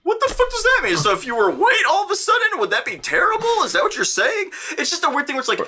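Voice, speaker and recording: Casting: energetic male co-host, high bright voice, swears, acts out the scenes he retells. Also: fast talker. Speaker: co-host of a movie review show. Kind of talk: casual movie review banter.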